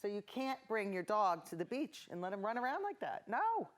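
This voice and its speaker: A woman's voice: mid-range voice, lively intonation, a little fast. A middle-aged woman hosting a painting lesson, rambling through self-mocking stories as she paints. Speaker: painting show host.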